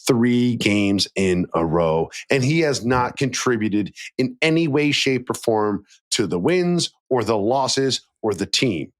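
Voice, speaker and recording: Animated man co-hosting a sports podcast. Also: medium pitch, takes it slowly, few pauses. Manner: animated, acts out imagined player quotes. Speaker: podcast co-host. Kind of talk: casual sports chat.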